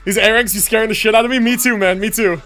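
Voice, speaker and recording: A young man streaming a game, talking casually and excitedly, often laughing and swearing. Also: high-pitched, fast, faint music behind. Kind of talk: casual livestream commentary.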